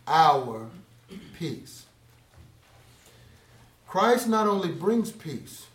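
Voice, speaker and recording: A man preaching a sermon, swelling loud on key phrases, then dropping to a near hush, and drawing words out slowly for emphasis. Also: medium pitch, roomy sound. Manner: slow, drawn-out emphasis on scripture words. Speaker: pastor.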